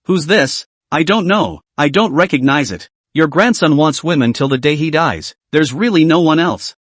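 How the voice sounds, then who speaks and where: A man's voice: on the high side, expressive, no echo. A man voicing a flustered young woman who hurriedly denies knowing someone. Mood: dismissive. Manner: dismissive, hurried.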